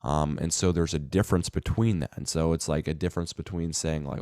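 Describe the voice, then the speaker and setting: A man with an extremely deep, dark, mellow voice talks loosely and thoughtfully to his viewers. He restarts his sentences and fills his pauses with ums. The sound is close and dry. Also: fairly even intonation, no room sound. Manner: reflective, loose, many fillers and restarts. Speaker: self-help vlogger. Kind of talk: casual monologue to camera.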